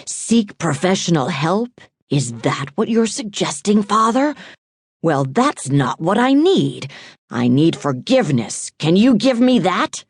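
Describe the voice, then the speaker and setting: A woman voicing a cold, unhinged male killer in an audiobook, speaking in a husky, taunting way that turns eerily calm. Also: dry recording, clean studio sound, full character voice. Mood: snapping. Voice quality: husky, low and slow. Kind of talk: audiobook character voice.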